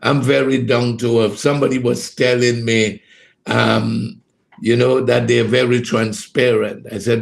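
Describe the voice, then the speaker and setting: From a home studio, a man hosts a casual devotional ministry program in a mid-range, gravelly voice with flat, unhurried delivery. He's hesitant and full of fillers, greets listeners by name, and laughs heartily.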